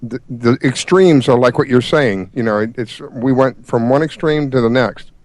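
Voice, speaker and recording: A man's voice: medium pitch, normal speed, darkish tone. A man hosting a casual chat, telling a story with many hesitations and restarts.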